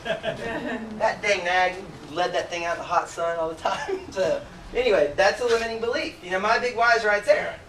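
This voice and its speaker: A man in his forties, a chiropractor giving an emotional, animated motivational talk to a seminar audience, asking them direct questions. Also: sits high, moderate pace, a little hiss or hum. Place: seminar room. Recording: roomy sound from a distant mic.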